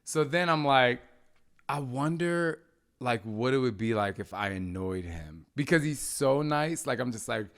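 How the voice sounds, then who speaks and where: A man hosting a casual chat with his husband, telling animated stories and acting out voices. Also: mid-range voice, moderate pace, few pauses. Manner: animated storyteller, acts out kids' voices. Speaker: podcast host.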